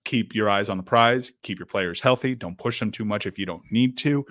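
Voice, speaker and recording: A man co-hosting a sports podcast, giving measured football analysis in casual talk. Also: fairly low pitch, a bit bright, no echo, clean studio sound. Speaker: podcast co-host.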